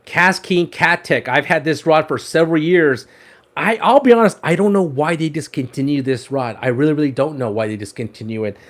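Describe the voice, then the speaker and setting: A man's voice: fairly high pitch, a little fast. Chatty man hosting a fishing livestream. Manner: chatty, repeats words, laughs often. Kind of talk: casual livestream chat.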